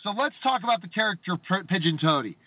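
A man's voice: sits high, expressive, fast, husky, no room sound. A male show host conducting a casual phone interview in an upbeat, chatty way. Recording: tinny phone line, dry.

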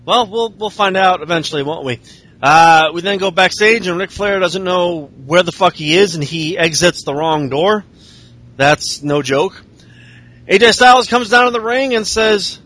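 Man, host, casual recap, sardonic, high voice, bright. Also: moderate pace. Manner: sardonic, profane storytelling. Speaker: podcast host. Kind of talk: casual wrestling recap chat.

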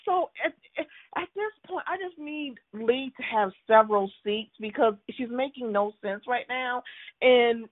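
A woman co-hosting a casual soap opera chat, animated and incredulous. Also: fairly high pitch, a little slow, no room sound. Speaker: podcast co-host. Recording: tinny phone-like line, dry.

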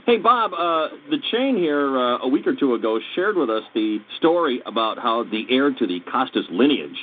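A man hosting a radio show, wry and quick with jokes. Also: medium pitch, sing-song. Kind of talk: casual radio chat. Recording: narrow radio broadcast with faint noise.

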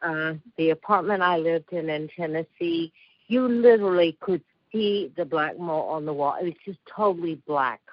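A woman calling in to a talk radio show, speaking in an emotional, urgent, halting way. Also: sits low, no room sound. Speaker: caller. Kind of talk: phone-in call to talk radio. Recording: dull dry lo-fi phone-in sound.

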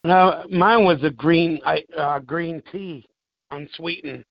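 A man co-hosting a radio talk show and chatting casually, unhurried and chuckling as he banters. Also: a little high, gravelly, no room sound. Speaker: co-host. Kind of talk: casual chat. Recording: dull lo-fi audio.

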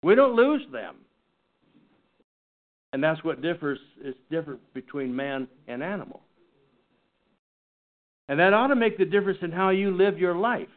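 Earnest man teaching a Bible class. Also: on the high side. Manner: earnest, halting with restarts. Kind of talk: Bible study lesson. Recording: tinny phone-like recording.

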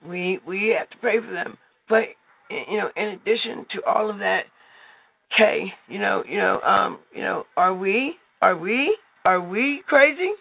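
A man with a high voice and a gravelly edge leads a prayer call, preaching loosely and rambling through endless filler phrases. He is heard over a thin, tinny phone line with a dry, close sound. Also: a little slow, no echo. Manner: rambling, heavy with "you know what" fillers. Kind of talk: informal preaching on a conference call. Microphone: telephone.

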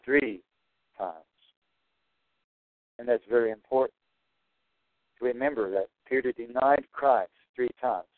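A man's voice: mid-range voice, measured pace, pauses often, no room sound. Man, Bible teacher, emphatic, repeats himself, dry close sound, tinny lo-fi audio. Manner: emphatic, repeats key points.

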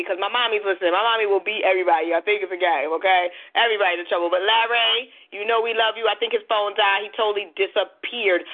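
A woman hosting a casual call-in radio show, lively and joking, quick to laugh as she reads shout-outs. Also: medium pitch. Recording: phone-like lo-fi line.

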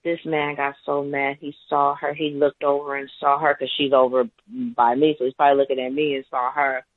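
A man's voice: medium pitch, level tone, a little fast, no room sound. A man calling in to a talk show, telling a story in a rambling, hesitant way. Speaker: caller. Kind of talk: call-in talk radio account. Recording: tinny phone line, dry.

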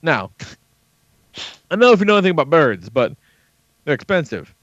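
Very animated and a bit bright, this man's fairly high voice moves at normal speed over slight background noise. He's a thirtysomething podcast host swearing casually through a story full of quoted dialogue, on dull lo-fi audio.

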